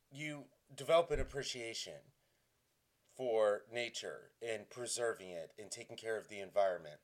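A man in his forties from Tennessee, giving self-mocking dramatic readings with a mock-dramatic, self-deprecating delivery. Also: fairly low pitch. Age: 40s. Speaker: comedic vlogger.

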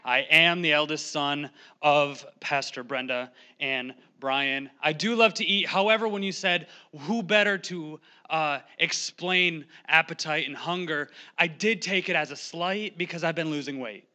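A young man preaching from a church pulpit in a quick, joking, animated way, holding a handheld microphone. His voice sits high for a man and sounds bright and forceful. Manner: fast-talking, joking and animated. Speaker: guest preacher. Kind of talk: humorous sermon. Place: church sanctuary.

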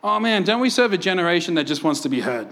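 A male pastor preaching a sermon to his church, animated, with rhetorical questions and frequent laughter. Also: high-pitched, quick pace.

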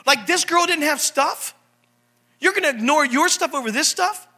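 Man preaching, very high voice, sharp bright tone, animated, shouting at times. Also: moderate pace. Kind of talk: sermon.

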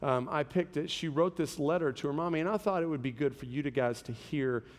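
A man's voice: on the high side, fairly quick, big-room sound. A pastor in his thirties preaching a sermon, conversational and telling stories with humor.

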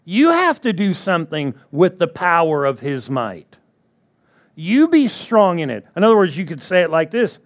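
A man's voice: fairly high pitch, wildly swooping pitch, moderate pace. A man preaching a sermon who repeats his key phrases and keeps asking the congregation for agreement.

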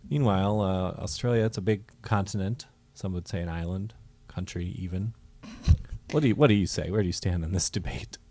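A man's voice: low-pitched, brisk, warm tone, no room sound. A man co-hosting a comedy podcast, joking and rambling in casual chat. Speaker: podcast co-host.

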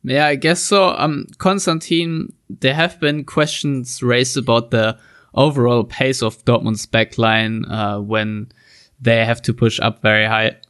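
A man's voice: mid-range voice, steady tone, measured pace, fairly bright tone, no room sound, clean studio sound. A man hosting a football podcast, asking long, carefully built questions of his guest. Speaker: podcast host. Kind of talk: casual podcast discussion.

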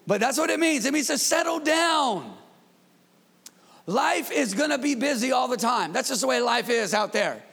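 A man preaching as pastor in his church, in a lively, conversational style with call-and-response to the congregation. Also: high voice, creaky, big-room sound. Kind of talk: sermon.

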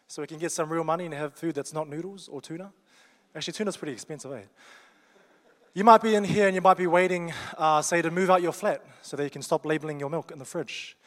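Joking New Zealand preacher in a hall. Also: male voice, fairly high pitch. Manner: joking, conversational and down-to-earth. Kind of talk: sermon. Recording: long reverb of a large hall.

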